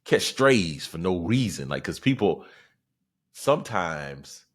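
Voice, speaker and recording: A man in his forties from South Carolina with a Southern accent, a stand-up comic hosting a podcast in a loose, slangy, animated monologue. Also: deep voice, takes it slowly. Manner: animated, slangy, repeats phrases. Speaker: podcast host, stand-up comedian.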